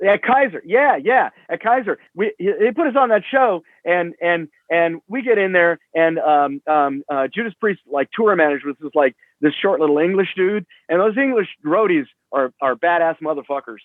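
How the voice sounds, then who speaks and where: A man's voice: sits high, lively intonation, moderate pace, hardly any pauses, dry recording. Man in his sixties, rock musician guest, profane storyteller, tinny phone-like sound, dry. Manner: rambling, profane, lots of fillers and restarts. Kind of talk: casual storytelling.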